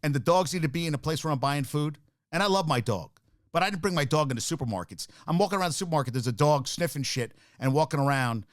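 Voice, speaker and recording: A man's voice: a little high, lively intonation, fast talker, dry recording, studio quality. A man hosting a sports talk show, ranting casually and profanely, worked up and full of restarts.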